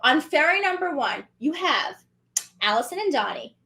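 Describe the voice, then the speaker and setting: A woman in her thirties co-hosts a podcast, recapping things casually in a high voice. She's chatty and animated, tossing in quick asides.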